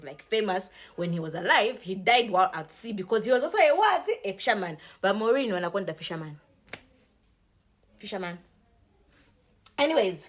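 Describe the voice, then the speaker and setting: A woman giving a casual book review, retelling the story in a chatty, dramatic way with mixed-language asides. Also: mid-range voice.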